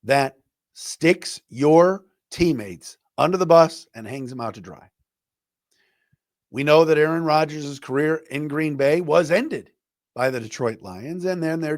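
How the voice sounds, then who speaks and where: Man, middle-aged, sports podcast host, opinionated, conversational, acts out quotes, slightly high voice, dry close sound. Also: no room sound. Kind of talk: sports talk commentary.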